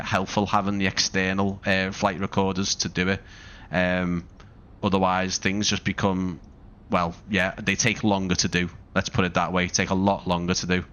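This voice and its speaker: A man's voice: fairly low pitch, fairly bright tone, dull audio. A man hosting a casual live stream through a wireless headset mic, rambling with lots of fillers and restarts. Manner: rambling, many fillers and restarts, laughs often. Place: home streaming room. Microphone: wireless gaming headset.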